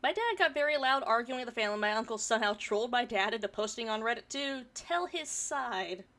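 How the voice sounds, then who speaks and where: A woman's voice: a little high, lively intonation, brisk, fairly bright tone. A woman streamer reading a forum story aloud and chatting about it, swearing casually, her throat a bit irritated from pollen.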